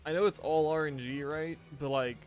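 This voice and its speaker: A man's voice: on the high side, fairly even intonation, moderate pace, soft background music. A tired man streaming a game live, chatting loosely with viewers and often restarting his sentences. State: tired, yawning. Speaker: gaming streamer. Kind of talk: casual live-stream chat.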